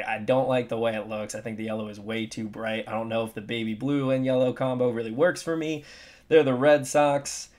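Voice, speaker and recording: A young man giving casual, opinionated sports commentary, animated with emphatic swings in his delivery. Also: mid-range voice.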